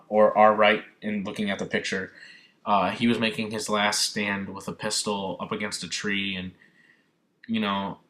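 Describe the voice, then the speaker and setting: Young guy rambling thru a movie review, lowish voice, kinda bright and pushy tone, tons of fillers. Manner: rambling, repeats himself, many fillers; earnest and moved. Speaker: vlogger reviewing a film. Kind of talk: casual emotional film review.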